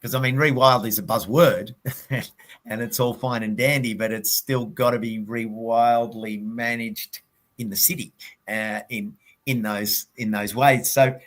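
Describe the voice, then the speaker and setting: A man with an Australian accent hosting a webinar, rambling with halting restarts. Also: mid-range voice, steady tone. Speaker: webinar host. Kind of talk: casual moderating.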